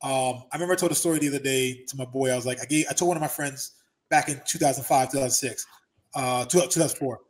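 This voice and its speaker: A man in his thirties, a former pro wrestler, telling profane, lively stories as an interview guest. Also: mid-range voice, quick pace. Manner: animated storyteller, profane, acts out quotes. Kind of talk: casual storytelling interview.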